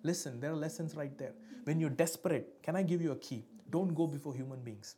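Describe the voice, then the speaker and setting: A woman's voice: deep voice, brisk, warm tone, slight background noise. A woman preaching a sermon with call and response, fervent and building, breaking into speaking in tongues.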